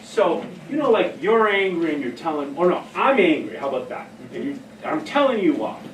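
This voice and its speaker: Man, workshop trainer, fairly high voice, casual and anecdotal, echoey room, heard from across the space. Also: sing-song, moderate pace, distant mic, slight background noise. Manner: casual, anecdotal, laughs at own stories. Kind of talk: workshop talk.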